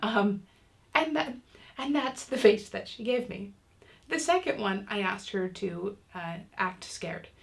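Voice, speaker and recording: A woman's voice: mid-range voice, animated, slow, creaky. A woman teaching a casual online parenting lesson, talking in a chatty way with many fillers and restarts. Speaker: parenting class instructor.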